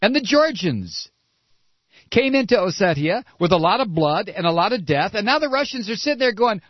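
A man's voice: high-pitched, very animated, moderate pace, no echo, muffled recording. A man hosting a talk radio show, ranting with sarcasm and indignation and mocking the people he talks about. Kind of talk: ranting political commentary.

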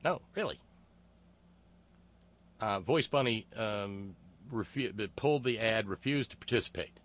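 A man hosting a political talk show, reading listener comments with sardonic, profane mockery and many halting filler words. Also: lowish voice, lively intonation, a bit bright.

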